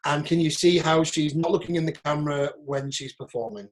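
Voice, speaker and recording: A man's voice: on the high side, fairly even intonation, brisk. Frank Northeast English man teaching. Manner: frank, chatty, critiquing clips with asides. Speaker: acting agent and workshop teacher. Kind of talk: online workshop talk. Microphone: video call.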